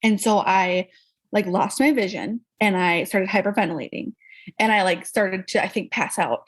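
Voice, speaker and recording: Woman chatting on a podcast, kinda husky, tells it all animated with little voices for people. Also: moderate pace. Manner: animated, acts out quoted people with pitch jumps. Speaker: podcast guest. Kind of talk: casual conversational storytelling.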